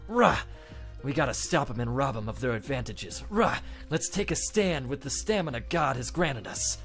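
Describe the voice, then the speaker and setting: A performer voicing a brash, hungry young soldier, with punchy delivery and shouted battle cries. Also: medium pitch, expressive, normal speed, soft background music. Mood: fired-up. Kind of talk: live dramatic read-through of a musical.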